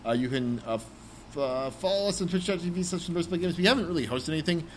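A man's voice: fairly high pitch, quick pace, slight background noise. A man hosting a casual podcast, rambling with lots of fillers, and reading the show's sign-off. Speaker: podcast host. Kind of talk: casual chat.

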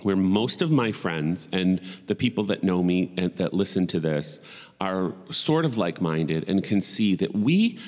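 A man's voice: deep voice, lively intonation, measured pace, darkish tone, in a large hall. A man in his forties hosting a podcast in casual solo chat, rambling and profane with wry asides. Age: 40s. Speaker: podcast host.

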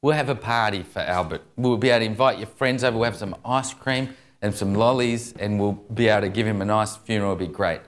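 A man voicing a father gently calming his crying son. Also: fairly low pitch, fast, pitched below the performer's own voice, close to an everyday voice. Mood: soothing. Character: soothing father comforting his upset young son.

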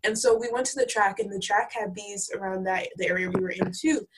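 A woman's voice: medium pitch, steady tone, a little fast, background noise. A woman hosting a casual group podcast, upbeat and steering the talk between friends. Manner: upbeat, leads the conversation. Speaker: podcast host. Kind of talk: casual chat.

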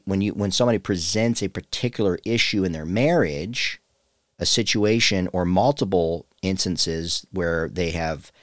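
Casting: man, low voice, pastor giving Bible teaching, earnest and conversational, dry close recording. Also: no echo. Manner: earnest, conversational, with many restarts.

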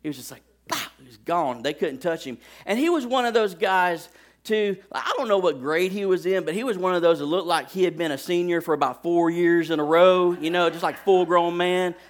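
A man preaching, telling a lively personal story with sound effects and speaking directly to his congregation in a folksy way. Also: high voice, a little fast. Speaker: pastor.

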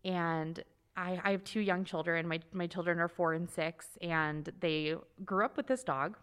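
A woman in her thirties, a mother of two, tells a heartfelt personal story on a talk show in a quick, earnest way with halting restarts. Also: on the low side, fairly bright tone, clear, resonant tone.

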